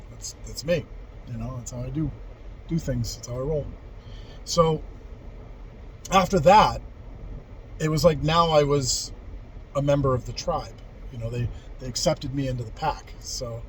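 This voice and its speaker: A man in his forties tells a story from his own youth in a loose, rambling way. His voice sits a little on the high side, and he swears freely and restarts his sentences. A faint hum of background noise runs underneath. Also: poor audio. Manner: rambling and candid, with frequent profanity and restarts. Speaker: vlogger telling life stories. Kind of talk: casual personal storytelling.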